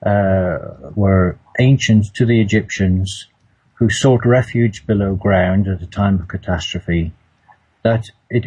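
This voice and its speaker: A man's voice: fairly low pitch, mellow, slightly rough, highs cut off. A man telling a personal story in a casual, hesitant way, often repeating words and restarting. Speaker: storyteller recounting a personal trip.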